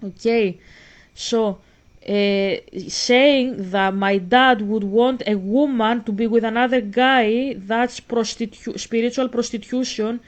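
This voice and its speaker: A woman's voice: on the high side, steady tone, slow. A woman from Greece, ranting emphatically in a casual vlog monologue and arguing directly with a critic. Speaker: vlogger.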